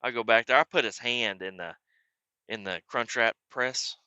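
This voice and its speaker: A man's voice: moderate pace, clear, resonant tone, no echo, dull audio. A man with a Southern US accent telling a crude, rambling comic story. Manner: rambling, crude, acts out quotes in loud high voices. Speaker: comedic storyteller. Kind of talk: comedic character monologue.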